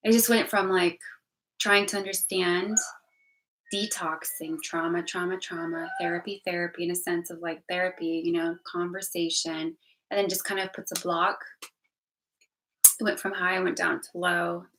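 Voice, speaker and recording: Rambling bright-voiced young woman. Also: lowish voice, flat delivery, normal speed, slight background noise, rough recording. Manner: rambling, emotional, many restarts and repeated words. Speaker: vlogger. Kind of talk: candid personal vlog talk.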